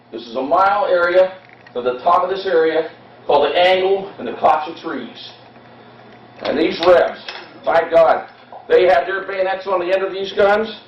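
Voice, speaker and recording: A male history presenter with a fairly high voice tells a battle story to an audience at a historical society event, passionate and dramatic, speeding up and slowing down as he goes. He's heard from a distance in an echoey hall. The recording sounds dull and lo-fi, with a little hiss or hum.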